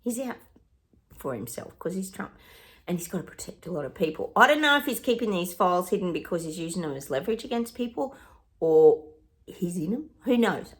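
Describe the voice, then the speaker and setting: Chatty Australian woman, lowish voice. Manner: chatty, exasperated, addresses viewers as guys. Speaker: psychic vlogger. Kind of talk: casual opinion chat to viewers.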